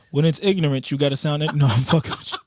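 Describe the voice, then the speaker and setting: Young male podcast co-host, high-pitched, animated and swearing; dry, close recording. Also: a little fast, dry recording. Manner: animated, profane, laughs often. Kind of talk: casual chat.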